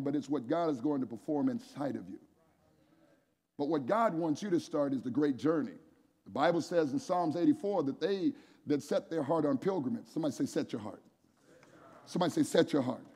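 A man preaching an energetic sermon at a men's conference, calling on the crowd to answer back and raise their hands. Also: on the high side, slightly rough. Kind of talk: energetic sermon with call-and-response. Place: large church hall with an audience. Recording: echoey hall, long reverb.

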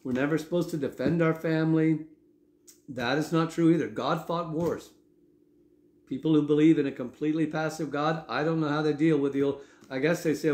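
A man preaching a sermon in a conversational way, often checking in with his listeners with a quick "okay?". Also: a little high, a little mellow, reverberant. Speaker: pastor.

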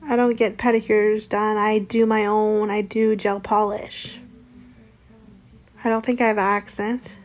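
A woman's voice: mid-range voice, little pitch movement, a little slow, soft background music, rough recording. A young woman casually chatting on a live stream and answering viewers' questions.

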